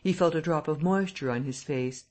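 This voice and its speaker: A man reading a classic novel aloud as an audiobook narrator, telling the story in a steady, even way. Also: on the high side, moderate pace.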